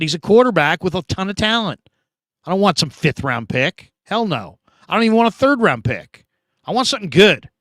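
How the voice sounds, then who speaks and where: A middle-aged man hosting a casual sports talk stream, rambling and telling stories with loud acted-out quotes. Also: sits high, no echo. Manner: rambling, animated storytelling, acts out quotes loudly. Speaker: show host.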